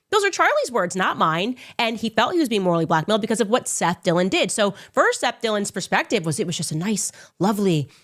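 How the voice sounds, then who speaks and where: A woman hosts her own commentary show and talks through it in an emphatic, combative way. She is often sarcastic and mocks her opponents by doing their voices higher than her own. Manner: sarcastic, mocking impressions in a high voice. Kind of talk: opinionated commentary monologue.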